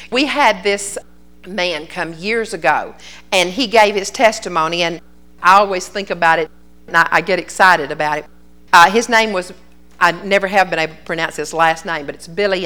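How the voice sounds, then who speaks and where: A woman's voice: fairly low pitch, sharp tone. Older woman preaching a folksy sermon. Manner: earnest storytelling, folksy and conversational.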